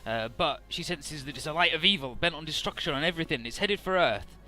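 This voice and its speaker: A man's voice: on the high side, animated, fast, bright, forceful tone. A man casually narrating and recapping a video game story, rambling and swearing now and then. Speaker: let's play host.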